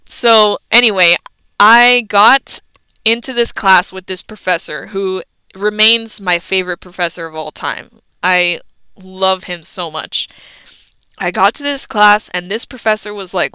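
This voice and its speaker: A woman's voice: medium pitch, moderate pace, pushed and bright, smooth, no room sound, poor audio. A young adult woman hosting a podcast, telling a story in a chatty, casual way and swearing freely. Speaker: podcast host.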